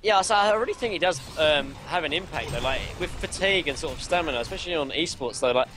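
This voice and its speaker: A hoarse young man giving color commentary on a live esports match, rambling through his analysis with lots of fillers. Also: fairly high pitch, animated, fast, crowd noise.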